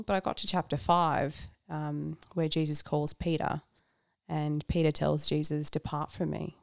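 Low, gravelly woman sharing her faith. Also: flat delivery, moderate pace, no echo, clean studio sound. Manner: candid and reflective, with frequent laughs and fillers. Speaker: guest. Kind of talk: casual conversation about faith.

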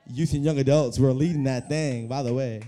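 A young man preaching a lively sermon to a youth congregation, often repeating his words as he builds energy. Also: mid-range voice, fairly quick. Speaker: youth pastor. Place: church hall.

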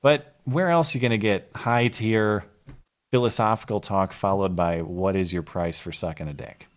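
A man's voice: fairly low pitch, normal speed. A man co-hosting a live call-in show, chatting wryly with callers and his co-host. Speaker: podcast co-host. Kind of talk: casual call-in show chat.

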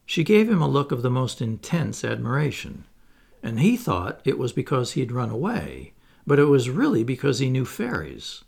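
Male audiobook narrator, expressive children's storytelling, gravelly and husky, lively melody. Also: mid-range voice, moderate pace. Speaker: audiobook reader.

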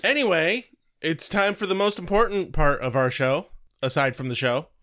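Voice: medium pitch, moderate pace, fairly bright tone. A podcast co-host chatting casually with dry, wry asides. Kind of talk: casual comedic chat.

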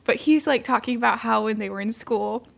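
A woman chats animatedly, her voice sitting a little high with a gravelly fry at the edges. She tells stories with lots of laughter and acts out what other people said. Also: brisk. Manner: animated storyteller, laughs often, acts out quotes. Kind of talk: casual chat.

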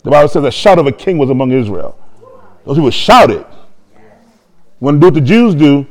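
Animated preacher, hushed to shouting. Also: male voice, medium pitch, normal speed, creaky, pauses often. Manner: swings from hushed storytelling to loud shouted praise. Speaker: pastor. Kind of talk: sermon.

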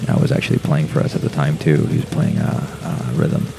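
A man's voice: extremely low pitch, completely flat delivery, a little fast, creaky, background noise. A young man, a guest on a podcast, telling a rambling, profane story with many fillers. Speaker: podcast guest, metal musician. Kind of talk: casual storytelling.

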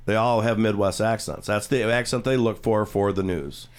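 A man's voice: fairly low pitch, normal speed, smooth. A man hosting a radio talk show, chatting casually with guests and explaining things at length. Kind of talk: casual studio chat.

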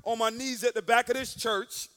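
High, bright-voiced man preaching a story. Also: moderate pace. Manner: animated, acts out quotes with sudden loud bursts. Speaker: guest speaker. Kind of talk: storytelling sermon.

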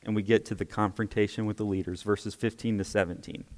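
A man's voice: on the low side, fairly even intonation, quick pace, a little mellow, in a large hall. A man preaching a sermon, explaining scripture emphatically and checking in with his listeners.

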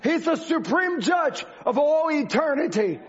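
Very high-voiced man preaching. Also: sing-song, unhurried. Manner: emphatic, repetitive preaching cadence. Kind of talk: sermon. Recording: dull lo-fi recording.

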